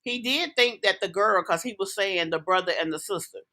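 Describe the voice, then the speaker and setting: A woman's voice: medium pitch, a little fast, over music. A woman hosting a reaction commentary video, indignant and scolding as she speaks straight at the person she criticizes. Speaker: commentary host.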